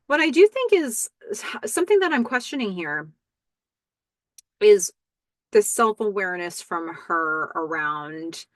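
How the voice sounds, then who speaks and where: A woman's voice: fairly low pitch, a bit bright, no echo. A woman hosting a podcast, recapping a TV episode in casual talk and quoting the characters in her own voice. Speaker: podcast host.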